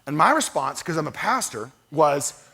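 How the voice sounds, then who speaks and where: A man's voice: on the high side, sing-song, moderate pace, pushed and bright. A man preaching a sermon as pastor, conversational and storytelling, with self-deprecating humor. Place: church sanctuary.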